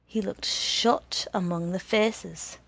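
A woman narrating a story in a measured, deliberate reading with a husky voice. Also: medium pitch, fairly even intonation, fairly bright tone, no room sound.

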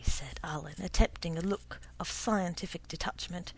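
Woman narrator, husky and gravelly, slow measured story reading. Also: low voice, fairly even intonation, low-quality recording.

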